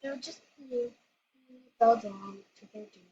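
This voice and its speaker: A woman hosting her own channel, excitedly commenting on a game she plays, squealing and laughing. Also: a little high, slow pace. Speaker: gaming channel host. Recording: lo-fi with noisy background.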